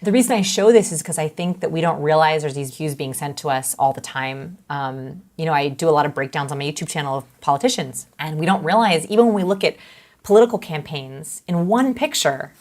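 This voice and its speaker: A woman's voice: sits low, fairly quick. A woman, a behavioral expert, explaining as an interview guest and acting out short examples along the way. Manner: lively, explains with acted-out examples.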